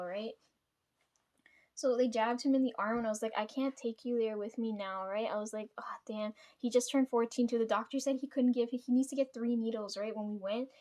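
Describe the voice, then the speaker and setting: A woman's voice: a little high, dark tone. A young woman vlogger telling a family story in a casual, venting way, swearing often and filling with "like". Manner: venting, swears a lot, many fillers.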